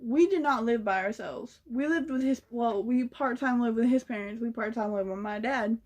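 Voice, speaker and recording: A woman's voice: on the high side, normal speed, darkish tone. A young woman telling a story in a casual vlog, blunt and sassy, swearing freely. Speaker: vlogger.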